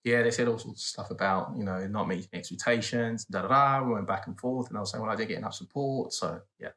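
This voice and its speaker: A man talking in a calm, laid-back way as he joins his wife's vlog. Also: on the low side, fast. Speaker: co-host, husband. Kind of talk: casual chat.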